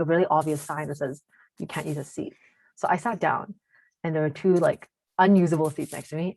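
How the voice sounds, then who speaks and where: A teenage girl with a deep voice, chatting casually as a podcast co-host and telling a story, full of fillers and switching into Cantonese now and then. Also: creaky, a little mellow, dry recording. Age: teens. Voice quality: deep voice for a woman.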